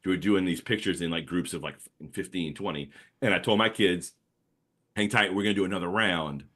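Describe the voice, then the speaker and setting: A man's voice: deep voice, brisk. A man in his thirties with a New Orleans Yat accent, telling stories in casual podcast chat with lots of fillers. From New Orleans area. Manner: rambling, animated storytelling with many fillers. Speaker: comics artist guest.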